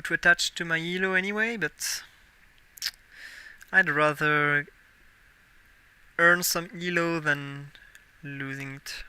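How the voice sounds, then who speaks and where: His slightly high voice comes across pushed, bright, and smooth, with no room sound at all. A twenty-something native French speaker with a French accent, he chats on a live game stream, muses as he plays, and keeps correcting himself.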